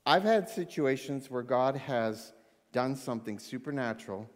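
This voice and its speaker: A man preaching a sermon, animated, swinging between loud excitement and hushed intensity. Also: medium pitch, normal speed. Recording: long hall reverb.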